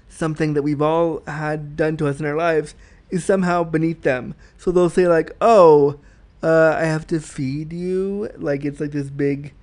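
A man's voice: fairly high pitch, warm tone. A man hosting a solo podcast, talking frankly and reflectively as he explains his thoughts at length. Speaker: podcast host.

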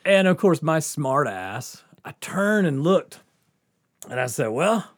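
A man's voice: a little high, slow pace. Man telling a wild story with laughs. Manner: swearing, laughing often, animated. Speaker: podcast host. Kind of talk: casual storytelling.

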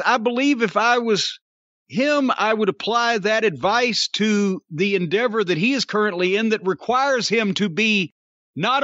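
Sardonic man with a bright voice. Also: sits high, no echo, highs cut off. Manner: dry, sardonic, mocking. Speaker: podcast host. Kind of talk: sarcastic casual podcast chat.

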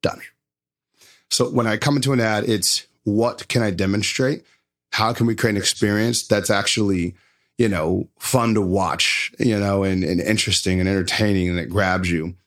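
A man with a fairly low voice, explaining marketing in loose, animated talk that is peppered with swearing. He keeps a casual, storytelling tone. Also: moderate pace. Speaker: advertising guest.

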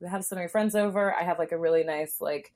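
This young woman talks in a low voice for a woman and chats casually. She is frank and uses many fillers. She acts out the voices of the people in her story. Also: fast, darkish tone. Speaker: guest telling a story. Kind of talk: casual chat.

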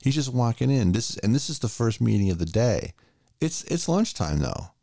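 A man's voice: mid-range voice, a little fast, vocal fry, dry recording, studio quality. A man co-hosting a casual podcast, recapping a movie scene by scene and acting out the characters' lines. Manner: animated retelling, acting out lines. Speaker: podcast co-host.

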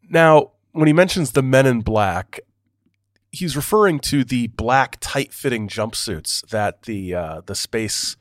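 A man's voice: on the low side, no echo. Man narrating a podcast in a dry booth. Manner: hesitant, repeats words while commenting. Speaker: podcast host. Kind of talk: podcast narration reading book excerpts.

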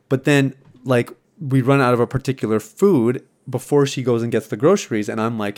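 An earnest man hosts a podcast, thinking aloud in a relaxed, reflective way. His voice sits at an ordinary middle pitch, and he often trips over and restarts his phrases, with plenty of ums along the way. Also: brisk, few pauses. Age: adult, married. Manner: earnest, conversational, many restarts and fillers. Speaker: podcast host. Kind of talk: reflective casual monologue.

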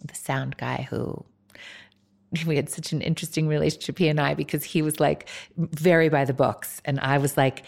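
Low-voiced woman chatting candidly. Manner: candid, laughing, loose with fillers. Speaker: film director guest. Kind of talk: casual interview chat.

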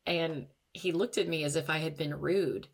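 A woman's voice: deep voice, normal speed, gravelly, husky. A woman hosting a podcast, talking candidly and reflectively about her own life and sometimes laughing at herself. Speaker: podcast host. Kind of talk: personal monologue podcast.

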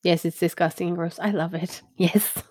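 A woman's voice: fairly low pitch, fairly even intonation, moderate pace, darkish tone, no echo, clean studio sound. A woman hosting a podcast in casual chat, frank and blunt, thinking aloud and checking in with "right?". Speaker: podcast host.

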